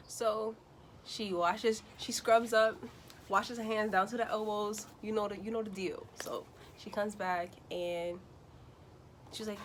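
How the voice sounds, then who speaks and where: Animated young woman telling a story. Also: medium pitch, moderate pace, slight background noise. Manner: animated, acts out quotes in other voices. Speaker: vlogger. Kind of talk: casual storytime.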